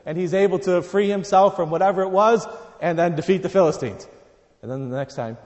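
A man preaching a sermon, reading scripture aloud and swinging between quiet, low passages and loud, emphatic ones. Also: normal speed, big-room sound, lo-fi sound.

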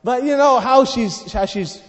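A man preaching a sermon, reading scripture aloud and swinging between quiet, low passages and loud, emphatic ones. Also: measured pace, long reverb tail.

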